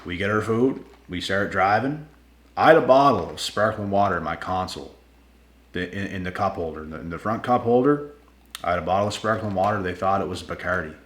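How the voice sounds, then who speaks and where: A man telling a personal story to his viewers in a casual, animated way, slangy and swearing freely. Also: low-pitched, a little fast, reverberant.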